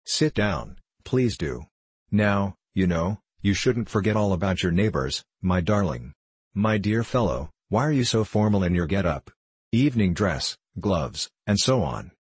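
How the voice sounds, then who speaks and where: Gushing, fussy old landowner full of endearments, read by a man in a low, husky voice for an audiobook play. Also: expressive, a little slow, dry recording, full character voice. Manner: showers everyone with pet names. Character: effusive elderly male landowner, gushing and fussy.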